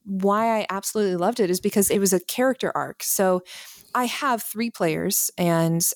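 A woman's voice: mid-range voice, moderate pace, no room sound, studio quality. A woman guest on a podcast, a game master who describes her campaign with enthusiasm in a casual chat. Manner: enthusiastic, storytelling.

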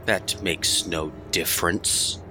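Deep, slow, terse male voice. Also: fairly even intonation, bright, forceful tone, soft background music. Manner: terse, deliberate, stoic. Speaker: player. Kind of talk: playing a character in a tabletop game.

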